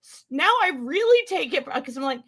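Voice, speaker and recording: A woman's voice: sits high, sing-song, normal speed, fairly bright tone. A woman co-hosting a podcast in casual chat, telling stories and making emphatic, opinionated points. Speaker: podcast co-host.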